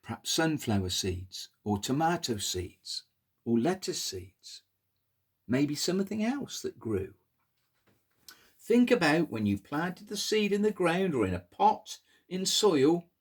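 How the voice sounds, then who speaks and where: A man tells a Bible story to toddlers in a bouncy, sing-song way, his pitch leaping up and down. His voice is a little husky and sits on the higher side, and he keeps inviting the little ones to pull faces along with him. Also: sing-song, slow. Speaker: children's storyteller.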